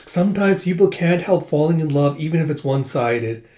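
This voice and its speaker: A man's voice: on the high side, lively intonation, brisk, dark tone, slight background noise. A man casually reading through a comic aloud, retelling panels with lots of fillers. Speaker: comic readthrough host. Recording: roomy echo.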